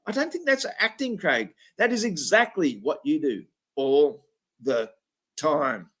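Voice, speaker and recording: A man's voice: fairly high pitch, expressive, a little slow, a bit bright. A man hosting a reaction commentary, ranting angrily with lots of swearing and mocking. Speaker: commentary video host.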